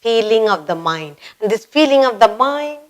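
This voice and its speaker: A woman teaching a basic grammar lesson for children. She speaks slowly, repeats key words and acts out example exclamations. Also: on the high side, lively intonation, low-quality recording. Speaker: English teacher.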